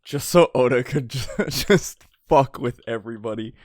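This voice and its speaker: A man co-hosting a fan podcast, excitable and laughing a lot, with casual swearing. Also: medium pitch, moderate pace, no echo, clean studio sound. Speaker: podcast co-host.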